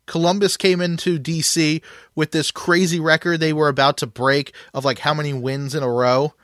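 A man's voice: fairly high pitch, level tone, moderate pace, fairly bright tone, no echo, clean studio sound. A man hosting a casual sports podcast, chatting and asking his co-host questions. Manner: conversational, leads questions with restarts.

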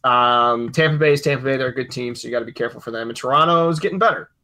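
Young man, podcast co-host, bright sharp tone, rambling, self-correcting, joking. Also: medium pitch, very fast. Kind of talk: casual sports podcast chat.

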